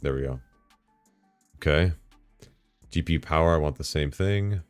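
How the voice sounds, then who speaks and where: A man live-streaming, talking casually to himself and his chat while setting up software, swearing and bursting into excited outbursts. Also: extremely low pitch, moderate pace, clean tone, no room sound, faint music behind.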